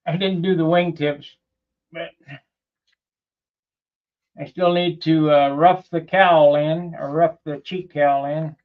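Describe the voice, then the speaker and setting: A man's voice: fairly high pitch, steady tone, takes it slowly, long pauses, narrow, tinny audio. Plainspoken man rambling in a workshop vlog. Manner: rambling and plainspoken, with loose asides. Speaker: model airplane builder and channel host.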